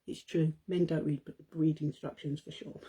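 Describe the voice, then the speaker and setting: A middle-aged woman hosts a live stream, chatting casually with her audience and giggling as she recounts a family moment, laughing often. Her voice is soft, mellow, and deep with a slightly husky, breathy edge and little pitch movement. She talks in an unhurried, easygoing, rambling way.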